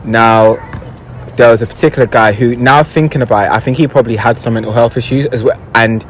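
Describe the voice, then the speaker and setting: A young man recalls a personal story as a guest, speaking in a mid-range voice. He is reflective and hesitant, pausing often to search for words. Faint music sits in the background. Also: mid-range voice, steady tone. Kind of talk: casual conversational storytelling.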